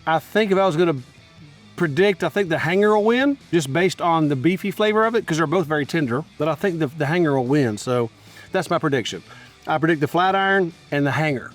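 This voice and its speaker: Folksy man, slightly high voice. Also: lively intonation, fairly quick, faint music behind. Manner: folksy and enthusiastic, talks straight to viewers. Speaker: barbecue cooking show host. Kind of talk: casual cooking and tasting commentary. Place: outdoors at a grill.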